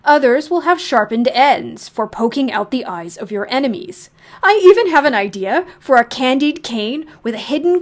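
A woman voicing a cheerful, macabre monster who hosts a fictional radio broadcast from under the bed, with a measured announcer delivery full of morbid relish. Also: on the high side. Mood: gleeful announcer.

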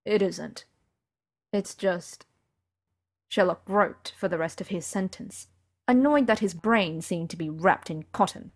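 A woman narrating an audiobook in a quiet, even, intimate manner. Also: lowish voice, moderate pace, husky.

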